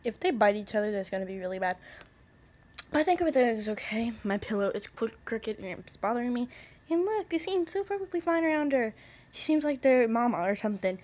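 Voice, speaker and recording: A woman's voice: fairly high pitch, expressive, a little fast, a little mellow. Chatty young woman vlogging with pets. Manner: chatty, rambling, coos at her pets. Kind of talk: casual daily vlog with pets. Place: bedroom at home.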